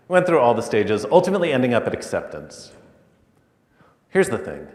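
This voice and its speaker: Man, keynote speaker, animated storyteller, lowish voice, roomy echoey hall sound. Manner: animated storyteller, building to loud peaks. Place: large conference hall.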